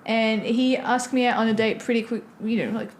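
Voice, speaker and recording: Woman with a light French accent and a slightly high voice, storytelling co-host. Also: fairly even intonation, brisk, slight background noise. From France. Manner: chatty storytelling, filler-heavy. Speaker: podcast co-host. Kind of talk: casual chat.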